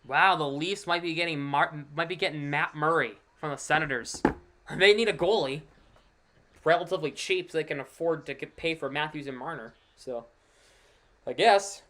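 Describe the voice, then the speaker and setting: Man, fairly high voice, casual baseball play-by-play, chatty, excitable on big plays. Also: normal speed. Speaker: play-by-play streamer. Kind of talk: casual live play-by-play commentary.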